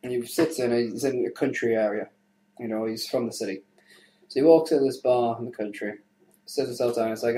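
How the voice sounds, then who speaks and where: A young man co-hosting a podcast, telling crude jokes in a casual, animated way. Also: mid-range voice, fairly quick. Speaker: podcast co-host. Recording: roomy echo.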